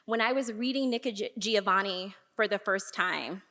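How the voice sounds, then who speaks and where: Young woman, archivist, warm admiring intro, mid pitch, reverberant hall. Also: normal speed. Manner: warm, admiring, with light laughs. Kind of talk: personal introduction speech. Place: large performing arts hall.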